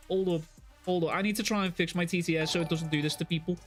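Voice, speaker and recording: A young man live streaming, reacting to chat messages with excitable, heavily profane talk. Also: sits high, quick pace, faint music behind.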